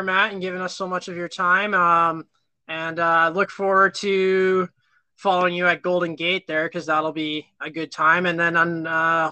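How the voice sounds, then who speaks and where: A man's voice: high-pitched, bright, forceful tone, clean tone, dry recording. A man from Canada hosting a podcast interview, friendly with brief affirmations. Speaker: podcast host. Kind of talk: casual interview.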